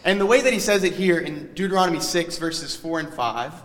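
A male pastor delivering a sermon in an earnest, teacherly way, pressing key words and trailing off softly at the ends of phrases. His voice sits a little high for a man. The sound carries a long reverb, as in a church sanctuary. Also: lively intonation, fairly quick.

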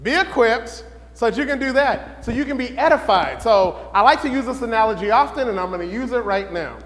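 A man teaching a Bible lesson in sermon style, questioning the room and building to excited shouts. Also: very high voice, a little fast, in a large hall.

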